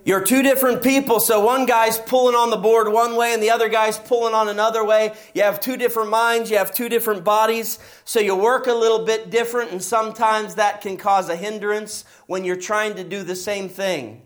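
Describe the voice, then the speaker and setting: Emphatic middle-aged pastor preaching. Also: male voice, high-pitched, steady tone, brisk, few pauses. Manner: storytelling, emphatic with rising passages. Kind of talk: sermon.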